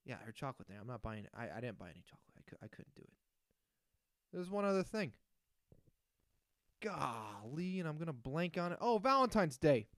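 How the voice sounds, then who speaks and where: A man's voice: medium pitch, no echo, studio quality. A man in his thirties hosting a solo podcast, ranting in a sarcastic, crude, casual way. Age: 30s. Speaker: podcast host.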